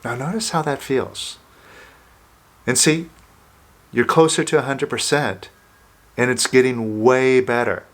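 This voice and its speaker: Male self-help coach, unhurried delivery, mid pitch, guiding listener through an exercise. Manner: slow, calm, coaching listener through steps.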